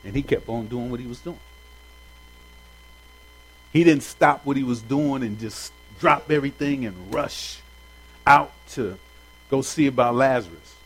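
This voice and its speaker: A man's voice: mid-range voice, a little slow, long pauses, husky, poor audio. A man leading an informal Bible study for a group, talking in a loose, conversational way with slang and asking his listeners questions directly. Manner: chats directly with the audience.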